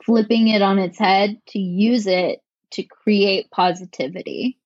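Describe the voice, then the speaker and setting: A woman co-founder answering interview questions in a measured, articulate way, with a touch of dry sarcasm. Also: mid-range voice, fairly even intonation, darkish tone, no room sound, dull audio. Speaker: company co-founder.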